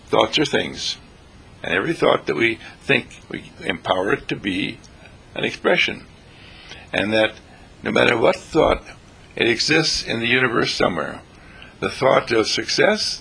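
A man's voice: mid-range voice, gravelly, a bit bright, slightly rough. A man hosting a spiritual radio segment, giving a rambling, repetitive inspirational talk in a theatrical way. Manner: repetitive, theatrical, breaks into song snatches.

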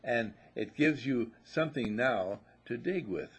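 A man's voice: mid-range voice, expressive, unhurried, slightly rough. A man giving a spiritual talk, musing and telling stories, and sometimes repeating himself. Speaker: spiritual teacher.

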